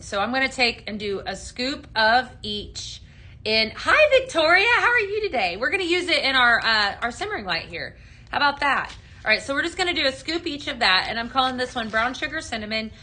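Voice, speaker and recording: A bright, crisp-toned woman talking in a casual live-stream chat, a little higher than most. She runs a home fragrance sale, greets viewers by name, and leans on fillers like "um" as she goes. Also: lively intonation, normal speed.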